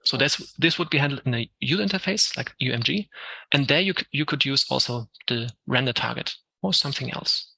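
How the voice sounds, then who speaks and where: A man with a German accent gives a live software lesson, walking through each step with plenty of ums. His voice is bright and forceful with a gravelly, fry-tinged edge. The sound is dry and close. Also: medium pitch, expressive, a little fast, dry recording, poor audio. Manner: explains step by step, many ums, answers questions. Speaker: Unreal Engine instructor. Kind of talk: live tech talk with Q&A.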